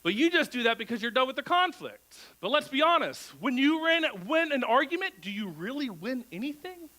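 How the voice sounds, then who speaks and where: His voice very high and his delivery brisk, a male pastor gives a conversational, animated sermon in church, captured in low quality. He frequently tosses rhetorical questions out to the congregation.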